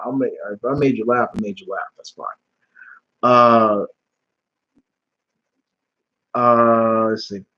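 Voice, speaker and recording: A man's voice: medium pitch, lo-fi sound. Casual slangy man on a live stream. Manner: rambling, animated storytelling with slang and restarts. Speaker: YouTube channel host answering live chat questions.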